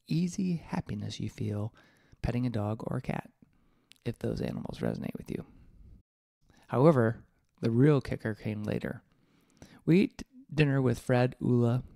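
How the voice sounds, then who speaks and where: A man's voice: medium pitch, a little slow, vocal fry, mellow, no echo, clean studio sound. A male podcast host reading a personal essay aloud in a reflective, candid, mildly profane way.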